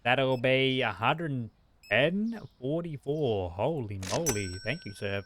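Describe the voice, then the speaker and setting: A man's voice: medium pitch, animated, measured pace, a bit bright, a little hiss or hum. A man streaming a store game, greeting customers in a shopkeeper voice and talking to himself, with frantic bursts when it gets busy. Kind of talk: casual gameplay chat.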